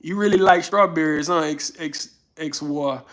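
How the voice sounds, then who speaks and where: A relaxed man in his thirties with a drawling northern Louisiana and Houston accent, hosting a casual live stream. His voice sits a little high for a man, and he talks in an easygoing way, reading comments aloud and thanking viewers as he goes. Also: normal speed. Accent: northern Louisiana and Houston Southern. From Houston, Texas. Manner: laid-back, drawling, thanks viewers often. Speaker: livestream host.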